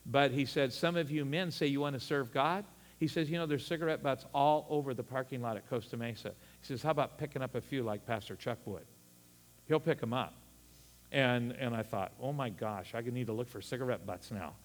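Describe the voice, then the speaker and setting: A middle-aged man preaching a sermon, animated and folksy, with chuckling asides. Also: medium pitch, a little fast, in a large hall. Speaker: pastor.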